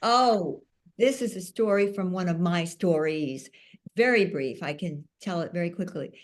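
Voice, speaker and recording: A woman with a slightly low voice speaks at an unhurried, drawn-out pace. She tells a personal story in a soft-spoken and emotional way, as a speaker on a panel.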